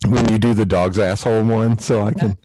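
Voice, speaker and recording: A man hosting a podcast, chatting casually and telling animated stories, swearing freely. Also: fairly low pitch, fairly quick, husky, no echo, poor audio. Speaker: podcast host. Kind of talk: casual conversation.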